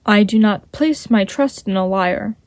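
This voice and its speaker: A woman's voice: medium pitch, a little slow, dry recording, natural voice. Woman reading as a cold, stern logical man. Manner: hard, cold and demanding.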